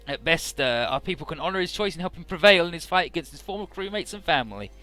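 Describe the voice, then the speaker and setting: A man's voice: on the high side, animated, fast talker, few pauses, bright, forceful tone. A man casually narrating a video game playthrough, who rambles with lots of fillers and laughs often. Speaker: let's play commentator. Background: faint game music.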